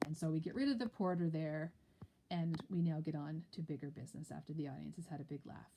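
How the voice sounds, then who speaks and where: A woman's voice: low-pitched, fast talker, warm tone. A woman teacher explaining a play in a lecture, with chatty, explanatory asides. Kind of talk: lecture with read-aloud play.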